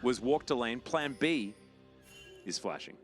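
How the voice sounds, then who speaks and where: A man giving playful, excitable play-by-play commentary on an esports match, with game music underneath. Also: medium pitch, measured pace. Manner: playful, hyped, jokey. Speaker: esports caster.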